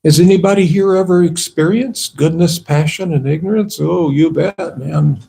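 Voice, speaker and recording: A man's voice: a little high, moderate pace, creaky, warm tone. A man, a monk, giving a conversational sermon at a temple and asking his listeners rhetorical questions. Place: temple hall.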